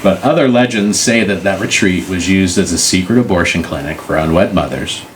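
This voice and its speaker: A middle-aged man with a low, heavy voice tells local stories in a relaxed, joking way. He drops into goofy voices for the people in his tales. A faint hiss sits under the recording. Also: normal speed. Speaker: podcast co-host. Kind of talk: casual storytelling chat.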